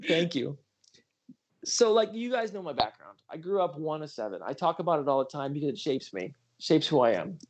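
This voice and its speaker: A man's voice: a little high, big pitch swings, fairly quick, a little hiss or hum. A middle-aged man hosting a casual livestream, telling stories earnestly and apologizing for talking too long. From Western New York. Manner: earnest storytelling, apologetic, self-deprecating asides. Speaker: political candidate hosting a livestream.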